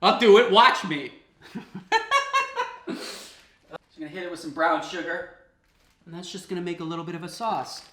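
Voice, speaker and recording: Male cooking host with a bright, upbeat voice, spinning comic stories with lots of laughs. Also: a little high, moderate pace, long pauses. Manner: animated, laughing, conversational. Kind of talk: comic storytelling while cooking.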